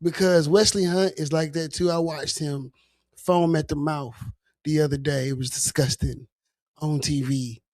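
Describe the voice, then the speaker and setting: Podcast co-host, man, unhurried and halting, casual political talk, dry sound. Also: a little high, steady tone, a little mellow, no room sound. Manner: slow, halting, incredulous.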